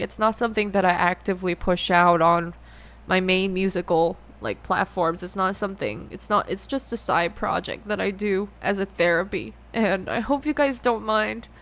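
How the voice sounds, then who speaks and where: A young adult woman talking through her feelings in a personal monologue, halting and often rephrasing herself. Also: mid-range voice, a bit bright. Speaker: musician and host.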